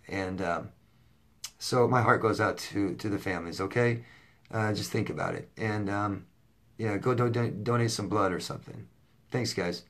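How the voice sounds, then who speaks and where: A man's voice: on the low side, normal speed, fairly bright tone. A man coaching in a casual to-camera Q&A, blunt and profane, repeating himself with lots of fillers. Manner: blunt, profane, repetitive phrasing; conversational with many fillers and restarts. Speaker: life coach answering viewer questions.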